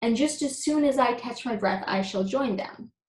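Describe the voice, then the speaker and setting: A woman's voice: on the high side, moderate pace, voice pushed up, natural voice. A woman voicing a pompous, wordy male humbug insect who talks in flowery phrases, in a storybook reading. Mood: eager. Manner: flowery and agreeable. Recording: echoey room.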